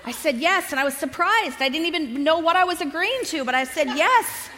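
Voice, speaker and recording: A woman in her fifties giving a personal testimony at a conference, telling her story lively and acting out the dialogue. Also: extremely high pitch, quick pace, long reverb tail. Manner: lively storyteller who acts out quoted dialogue, often laughing. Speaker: conference speaker.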